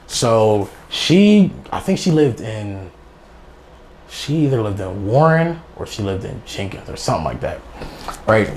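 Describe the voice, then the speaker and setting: Young man, casual storytelling, slangy and rambling, lively swooping pitch, laughs a lot, faint room noise. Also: unhurried. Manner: animated, laughs through the telling. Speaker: guest storyteller.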